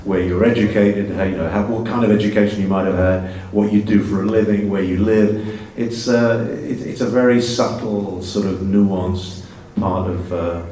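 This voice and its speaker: A man's voice: lowish voice, steady tone, moderate pace, few pauses, mellow, a little hiss or hum. An English man in his sixties with a slightly Americanized accent, a guest actor telling stories with self-mocking humor in a stage Q&A. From England. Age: 60s. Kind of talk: stage Q&A conversation. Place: festival stage Q&A. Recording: roomy, distant mic, faint ambience.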